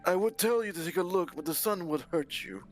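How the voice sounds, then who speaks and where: A man doing a quiet, deferential servant. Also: high-pitched, animated, a little fast, soft background music. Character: dutiful male servant to a vampire.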